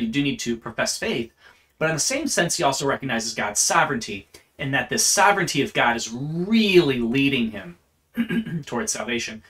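A man's voice: fairly high pitch, sharp tone. A man teaching church history in an unscripted lecture, earnest and explanatory, often restarting his phrases.

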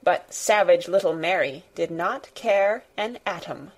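A woman narrating a classic children's storybook in a measured, deliberate way. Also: fairly low pitch. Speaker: reader. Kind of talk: audiobook narration.

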